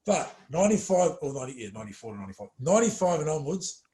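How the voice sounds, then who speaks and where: Animated man telling stories. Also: fairly high pitch, racing. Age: middle-aged. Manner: animated storyteller, many fillers, trails off quietly. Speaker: former footballer, interview guest. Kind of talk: casual interview chat.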